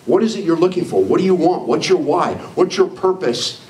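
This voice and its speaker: A leadership trainer gives a motivational talk to a live audience, speaking energetically and acting out quoted people in animated voices. His voice is fairly high and a little fast, in an upbeat trainer style. The mic picks him up from far off in an echoey hall, with faint noise.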